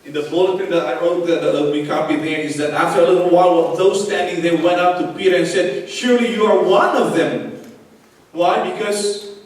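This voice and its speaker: High-pitched pastor guy preaching slow and lively, acting out bits, big echoey church sound from far away. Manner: animated, acts out quotes, chuckles often. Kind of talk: sermon.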